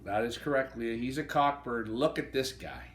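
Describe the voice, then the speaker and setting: A man with a mid-range voice and a moderate pace helps host a live pigeon auction, eagerly sizing up every bird he holds. The recording captures him from a distance with a roomy sound.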